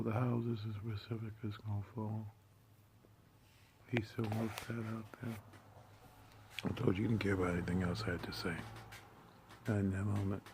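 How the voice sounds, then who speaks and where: A man delivering a profane, confrontational monologue in streetwise slang. He swings between hushed muttering and sudden loud outbursts. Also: fairly low pitch, creaky, background noise. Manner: streetwise slang, heavy swearing.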